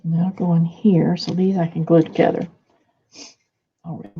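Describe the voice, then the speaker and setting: A woman's voice: on the low side, flat delivery, normal speed, husky, highs cut off. A woman hosting a casual crafting video from her home studio, chatting and muttering to herself as she works. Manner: mutters and whispers to herself while working. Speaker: crafting channel host. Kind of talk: casual crafting chat while working.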